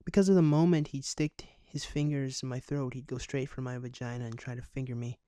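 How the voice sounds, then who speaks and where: A man with a dark, mellow voice reads a news article aloud in a close, dry recording. He keeps stopping to add sarcastic, deadpan jokes of his own. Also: medium pitch, a little fast, clear, resonant tone, no room sound. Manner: sarcastic, deadpan asides between read passages. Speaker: commentary YouTuber. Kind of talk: reading a news article aloud with comic commentary.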